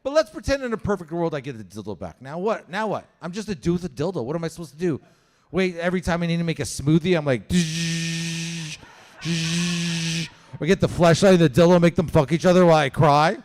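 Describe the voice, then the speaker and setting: A man's voice: a little high, expressive, racing, darkish tone. Crude stand-up comedian, young man. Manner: crude, conversational, acts out voices in his stories. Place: comedy show stage with live audience.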